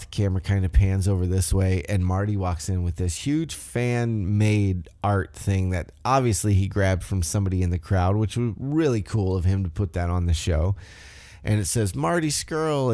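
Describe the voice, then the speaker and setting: A man's voice: fairly low pitch, mellow, no echo, clean studio sound. A man hosting a podcast, recapping a show in a rambling, conversational way. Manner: rambling, conversational, loose storytelling. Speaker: podcast host. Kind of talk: casual wrestling recap.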